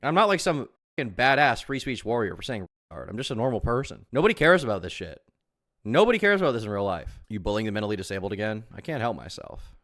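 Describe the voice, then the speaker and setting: Guy streamer doing sarcastic crude reaction talk, lowish voice that swings up and down a lot. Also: sing-song, fast, fairly bright tone. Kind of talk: live reaction commentary.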